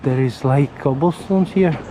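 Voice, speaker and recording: A man's voice: on the high side, measured pace, mellow, low-quality recording. A man walking and filming a vlog, rambling in a friendly, chatty way as he points things out. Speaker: vlogger. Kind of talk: casual walking commentary. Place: outdoors on residential streets. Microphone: handheld camera while walking. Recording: street noise with passing traffic.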